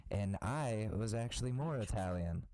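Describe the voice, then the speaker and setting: Deep, dark-voiced man joking around. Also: lively intonation, normal speed, no echo, low-quality recording. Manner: joking, riffing with absurd bits. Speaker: podcast co-host. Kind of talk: casual chat.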